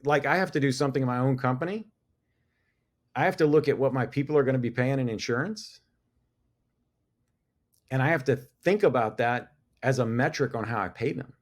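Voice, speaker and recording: A middle-aged man talks as a guest in a casual podcast conversation. His voice sits at an ordinary pitch, and he is talkative and laughs easily. He often stops and restarts his sentences as he thinks aloud. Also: a little fast, long pauses. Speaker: business owner guest.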